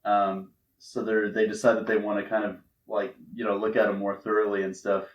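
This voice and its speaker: A man's voice: on the low side, flat delivery, fairly quick, recorded from a distance, muffled recording. A man co-hosting a podcast, recapping a comic in a casual, rambling way full of fillers and swearing. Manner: rambling, filler-heavy and profane. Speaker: podcast co-host. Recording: roomy and off-mic with faint noise.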